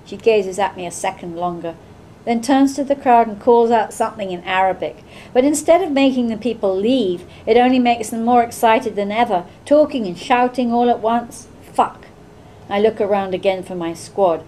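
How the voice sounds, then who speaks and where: Woman reading her novel out loud, measured and expressive, kinda high voice. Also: slight background noise, rough recording. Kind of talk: literary reading aloud.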